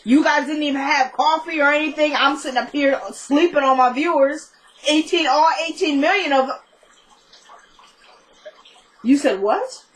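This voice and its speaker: A woman's voice: high voice, moderate pace, a bit bright. A tired woman recapping a TV episode in casual chat, joking and playful with her viewers.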